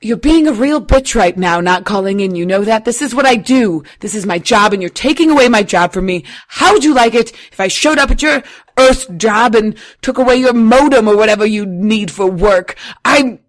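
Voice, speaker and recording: A woman's voice: mid-range voice, animated, normal speed, husky. A woman playing a needy, volatile advice show host who talks dramatically and swings between soothing and angry. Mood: indignant. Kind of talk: comedy sketch acting.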